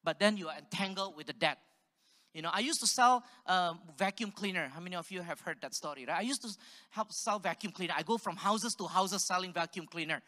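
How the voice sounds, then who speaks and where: A man's voice: high-pitched, a little fast, sharp tone. A man from Singapore giving a sermon, telling stories animatedly and asking the audience questions. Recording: long hall reverb.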